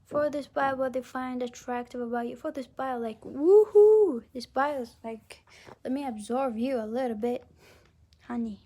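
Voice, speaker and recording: A woman giving a casual pick-a-card reading, talking haltingly with lots of restarts and often slipping into a whisper. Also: fairly high pitch, steady tone, darkish tone. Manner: often drops into a whisper mid-sentence. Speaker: tarot card reader.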